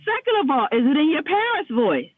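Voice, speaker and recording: A woman's voice: sits high, big pitch swings, fairly quick. A woman calling in to a talk show, coaching the hosts with reflective questions. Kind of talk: casual chat. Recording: tinny phone line.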